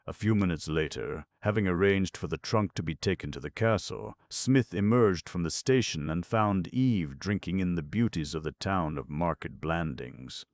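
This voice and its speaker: A man reading scripted audiobook narration in a measured, expressive way. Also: low voice, dry recording.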